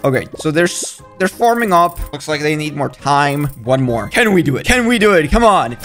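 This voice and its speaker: An excited young man talks through his gameplay, his voice sitting a little high and jumping up whenever a shot looks good. He cheers, pleads and groans at the screen, and faint music plays under him. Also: moderate pace. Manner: hyped, jumpy, talks to the game and its pets. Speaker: gaming video creator.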